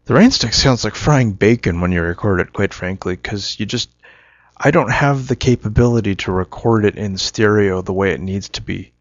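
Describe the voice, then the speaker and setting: A man with a lowish voice spins a casual, meandering story and then muses aloud, stopping to correct his own words. The recording is dry and a little dull, like a home setup with no room sound. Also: dry recording. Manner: rambling, self-correcting, musing.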